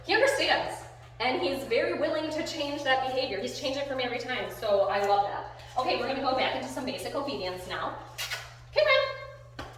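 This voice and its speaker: Woman training a dog, fairly high voice, big excited praise then calm talk, far from the mic. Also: fast, a little hiss or hum. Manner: bursts of excited, high-pitched praise between calm explaining. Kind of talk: live training demonstration with commentary. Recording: very echoey room, voice from far off the mic.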